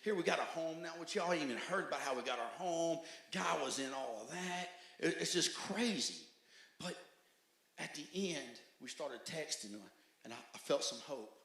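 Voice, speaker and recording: A man tells his personal testimony to a church group with a bright, forceful voice. His telling is emphatic, rising to loud bursts and dropping to hushed passages. The sound carries a roomy echo from a church meeting hall. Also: expressive, moderate pace, gravelly. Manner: emphatic storytelling, swings between loud outbursts and hushed low stretches. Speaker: testimony speaker at a recovery meeting.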